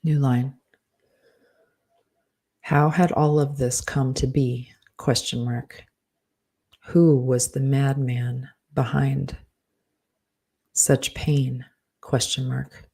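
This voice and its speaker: Man dictating fiction, spoken punctuation, slow, flat monotone delivery. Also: mid-range voice, vocal fry. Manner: slow, even dictation that speaks every comma and period aloud. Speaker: author dictating a novel.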